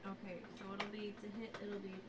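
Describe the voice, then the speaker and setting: A woman playing a tabletop game, excitable and quick to laugh. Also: medium pitch, recorded from a distance. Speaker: player. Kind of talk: casual tabletop play. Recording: noisy, from off mic.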